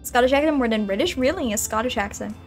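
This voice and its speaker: A woman's voice: a little high, fast talker, soft background music. A woman streaming a game, chatting casually to her viewers, giggling and rambling as she plays. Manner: giggly, rambling, talks to chat. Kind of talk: casual gaming stream chat.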